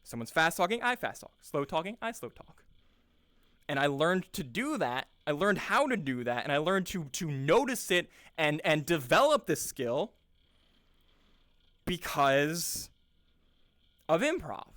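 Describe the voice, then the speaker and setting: A young improv teacher speaks in a casual, earnest, rambling monologue, restarting often and repeating words as he searches for them. His voice is on the high side and a bit bright, with big pitch swings and a measured pace, recorded with no room sound.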